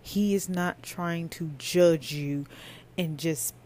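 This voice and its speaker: A woman's voice: fairly low pitch, slow pace, a little mellow. A woman hosting a faith podcast, speaking earnestly and conversationally, preaching straight to her listeners. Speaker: podcast host.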